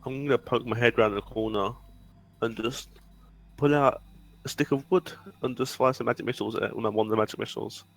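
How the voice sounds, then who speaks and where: A man's voice: medium pitch, fairly even intonation, quick pace, gravelly, low-quality recording. A man playing a tabletop game, joking bluntly and swearing. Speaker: player. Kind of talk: casual tabletop play.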